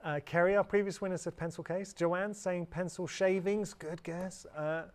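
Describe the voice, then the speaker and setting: A man's voice: sits high, steady tone, normal speed. A British man presenting on a live shopping channel in a chatty, upbeat way, often correcting himself. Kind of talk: live TV sales pitch. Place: TV studio.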